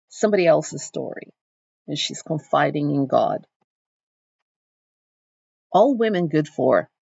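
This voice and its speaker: Gravelly-voiced woman explaining literature. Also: sits low, darkish tone, no echo. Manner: thoughtful and explanatory, with restarts. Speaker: literature teacher. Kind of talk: recorded literature lecture. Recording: dull dry recording.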